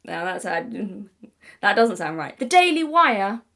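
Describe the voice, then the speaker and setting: A woman's voice: medium pitch, sing-song, a little slow, a bit bright. A young British woman giving casual commentary to camera, chatty and digressive, often apologizing, and emphatic and exasperated at times. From Britain. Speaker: video essayist.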